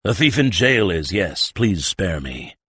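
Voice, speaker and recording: A man doing a gruff, stern weapons master, a growl sunk deep and low, with a husky edge. He bends his word order backwards and grumbles through every line of this storybook. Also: sing-song, unhurried, sharp tone, dry recording, heavily acted. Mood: grumbling.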